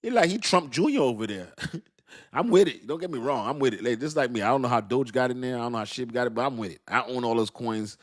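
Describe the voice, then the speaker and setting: A man hosting a live stream, chatting loosely and animatedly in heavy slang. He laughs often and talks straight to his viewers. His voice sits at an ordinary male pitch. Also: fast talker. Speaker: crypto livestream host. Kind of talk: casual livestream commentary.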